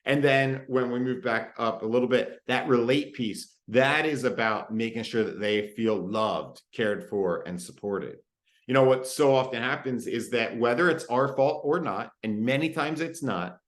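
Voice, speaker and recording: A man in his thirties giving a parenting talk, relaxed and conversational with frequent fillers. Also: mid-range voice, a little slow, reverberant. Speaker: parenting presenter. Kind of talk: recorded parenting talk with personal story.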